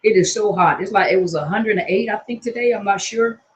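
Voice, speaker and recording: A woman's voice: mid-range voice, a little fast. A woman counselor from Washington state chatting casually on a phone livestream from her hot home, greeting viewers by name in loose colloquial talk. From Washington state, USA. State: hot and sweaty.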